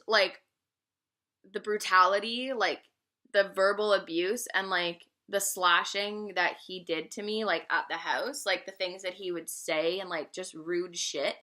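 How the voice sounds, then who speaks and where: Bright-voiced young woman telling a story. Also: mid-range voice. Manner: profane, animated storytelling with frequent laughs. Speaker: vlogger. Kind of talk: casual storytime vlog.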